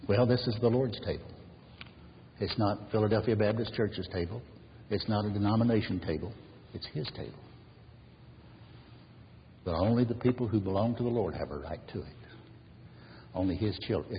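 A man preaching a sermon as pastor, earnestly, rising loud and then falling to a near whisper. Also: fairly low pitch, normal speed, long pauses, a little hiss or hum. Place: church sanctuary. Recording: dull reverberant church recording.

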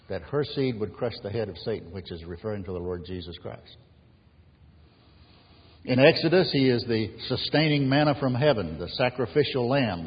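A man's voice: medium pitch, husky. A man preaching an earnest sermon as pastor, building emphasis on key phrases. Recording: dull lo-fi sound in a reverberant hall.

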